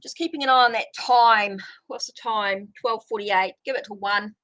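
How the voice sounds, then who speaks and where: A woman's voice: mid-range voice, normal speed, fairly bright tone. A middle-aged woman hosting a casual live tarot stream, rambling as she greets viewers and answers their comments. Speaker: tarot reader hosting a livestream.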